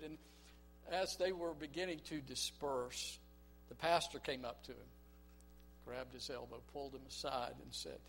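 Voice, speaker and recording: Male pastor, emphatic sermon storyteller, fairly high pitch, faint hum behind. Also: a bit bright. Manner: emphatic, call-and-response, storytelling. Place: church.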